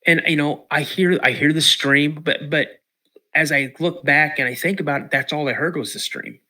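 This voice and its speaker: A man from Washington state, a podcast guest telling a story in an animated way, acting out quotes and repeating words. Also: fairly high pitch, normal speed. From Washington state, USA.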